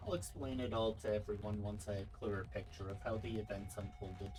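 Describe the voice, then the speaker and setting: A man's voice: fairly low pitch, fast talker, music in the background, low-quality recording. A man streaming a game, reading its text aloud into a desk microphone and breaking off for casual asides. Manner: reads text evenly, breaks off for casual comments.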